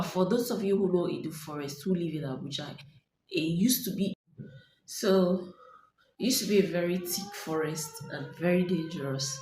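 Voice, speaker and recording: Speaking to camera in an echoey room with faint ambient noise, a young Nigerian vlogger dramatically retells a story, slipping into character voices and whispers. Her voice sits on the low side and is a little mellow.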